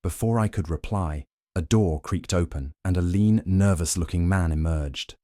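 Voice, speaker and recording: A man gives scripted narration in a formal, measured storytelling manner. His voice is deep and mellow. The recording is dry and close, with no room sound. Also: dry recording.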